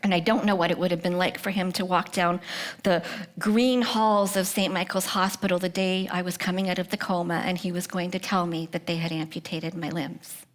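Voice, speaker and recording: A middle-aged woman giving a personal faith testimony at a prayer breakfast. She speaks earnestly, often sinks to a hushed whisper, and puts questions straight to the audience. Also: fairly low pitch, level tone, moderate pace. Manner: addresses the audience directly with questions.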